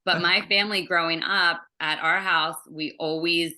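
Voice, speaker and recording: A woman from Maryland in an interview, telling family stories in a casual, animated way. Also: fairly low pitch, moderate pace. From Maryland, USA. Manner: animated storyteller, acts out family voices. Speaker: interview guest.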